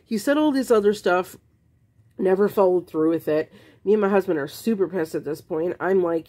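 A woman's voice: lowish voice, normal speed, dark tone. A woman vlogging to camera, frankly telling her own story in a casual, exasperated way, rambling with restarts.

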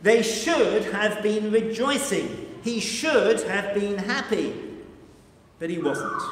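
Male pastor, slow dramatic storyteller, slightly high voice, echoey church with long reverb. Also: slight background noise. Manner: slow, vivid, measured storytelling. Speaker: team rector preaching.

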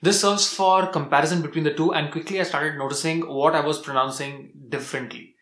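A young man from India, giving a relaxed, chatty vlog tutorial full of restarts. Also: a little high, a little fast, roomy sound. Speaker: language vlogger.

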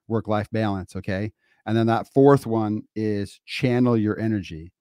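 A man's voice: on the low side, darkish tone, dry recording, clean studio sound. A man co-hosting a podcast, talking earnestly and emphatically, laying out his points one by one. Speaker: podcast co-host. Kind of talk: casual podcast chat.

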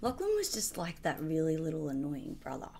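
A woman's voice: deep voice, huge pitch swings, a little fast, dark tone, slightly rough. A young Australian woman with an Australian accent, giggly and playful as a guest in a casual chat with her brother. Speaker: guest, host's sister.

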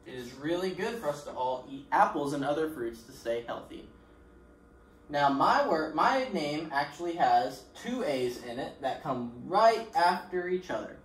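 A man teaching a recorded lesson to preschoolers in an encouraging voice. He speaks slowly and leaves pauses for the children to answer. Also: a little high, expressive. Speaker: pre-K teacher. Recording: roomy echo with faint background noise.

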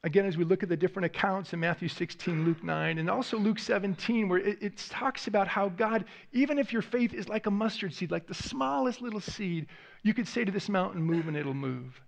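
A man's voice: sits high, a little fast, vocal fry. A male pastor preaching a sermon in a church, earnest, often repeating words as he voices heartfelt prayers. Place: church sanctuary.

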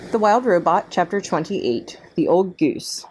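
A woman librarian reading a children's chapter book aloud as a calm bedtime story. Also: on the low side, a little slow, slightly rough.

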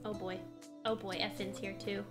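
A woman's voice: mid-range voice, level tone, moderate pace, over loud music. A woman streamer chatting casually over a simulation game, laughing often and exclaiming at what happens. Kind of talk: casual gameplay commentary.

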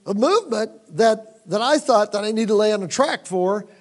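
A man telling a personal story as a conference sermon, conversational and animated, dropping to hushed tones when he quotes himself. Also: sits high, normal speed. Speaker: conference speaker. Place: conference hall.

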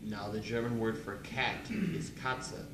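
A young man giving casual instructions in a halting way, with lots of ums and some quick bursts of speech. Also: mid-range voice. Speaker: student presenter. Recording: echoey room, distant mic, noise.

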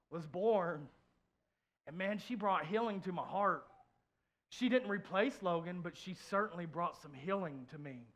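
A pastor preaching a heartfelt sermon in church, sharing a personal story, repeating phrases and swinging from soft to loud. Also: male voice, sits high. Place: church, before a congregation.

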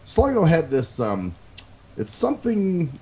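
Brief: male podcast co-host, lively swinging pitch, loose and cussing, acts out the quotes. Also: unhurried, slight background noise. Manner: animated storyteller, acts out quotes, curses freely. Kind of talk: casual profane chat.

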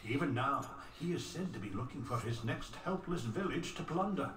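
Brief: man as a sage game narrator, animated, distant and echoey, music bed. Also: mid-range voice, moderate pace, background noise, close to an everyday voice. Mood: ominous. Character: wise old male narrator guiding the player. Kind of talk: grand storybook narration.

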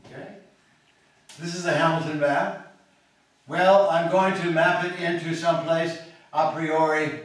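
Math prof man lecturing, keeps saying okay?, far from the mic in a big boomy hall. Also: fairly even intonation, a little slow, long pauses. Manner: thinking aloud, frequent restarts and checks with "okay?". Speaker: mathematics professor. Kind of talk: university lecture. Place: large echoey lecture room. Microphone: distant room mic. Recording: very echoey hall, voice from far off, faint noise.

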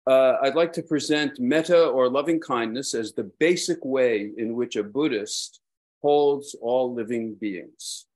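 A man with a Brooklyn accent giving a dharma talk as a Buddhist teacher, rambling and self-deprecating, with frequent hesitations. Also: medium pitch.

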